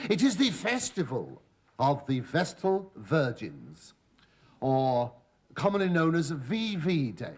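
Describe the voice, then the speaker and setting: An actor playing a cheeky middle-aged slave who tells the audience the prologue with camp, innuendo-laden asides. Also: male voice, fairly high pitch, fairly bright tone, breathy edge, full character voice. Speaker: narrator of the prologue. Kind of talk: sitcom stand-up address. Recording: live studio audience laughter.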